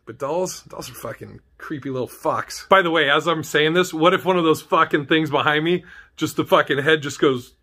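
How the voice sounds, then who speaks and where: A man's voice: a little high, normal speed, hardly any pauses, bright, forceful tone. A man ranting comedically on his vlog, swearing a lot, laughing often and rambling from thought to thought. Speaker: vlogger. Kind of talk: comedic rant.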